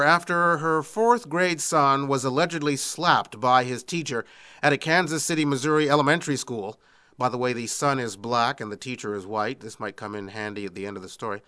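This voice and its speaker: Guy hosting a jokey news podcast, bright punchy voice, dry little quips, soft music behind. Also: a little high. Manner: wry deadpan asides. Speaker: podcast host. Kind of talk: humorous news roundup.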